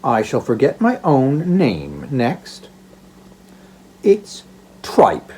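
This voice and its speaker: A man voicing a jolly, excitable poor old porter in an audiobook, chuckling as he talks. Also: mid-range voice, drawn-out words, slight background noise, full character voice. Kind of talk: audiobook reading.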